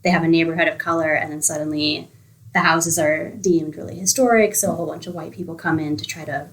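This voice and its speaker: A woman's voice: low voice, fairly even intonation, fast talker, low-quality recording. A woman co-hosting a library podcast, chatting casually and eagerly retelling a book's plot, acting out characters' lines. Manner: enthusiastic, acts out characters' lines. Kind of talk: casual book recommendation chat.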